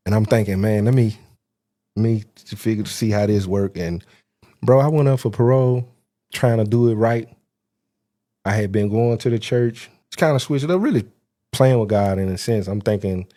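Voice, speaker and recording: A man telling a personal story in casual chat, animated, acting out the voices of people in it and laughing often. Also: fairly low pitch. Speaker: guest telling his prison story.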